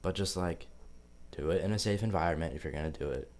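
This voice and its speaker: A young man with a very low, deep voice tells a story straight to camera. He rambles loosely, swears often and leans on filler words, in a relaxed vlog manner. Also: fast talker. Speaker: vlogger.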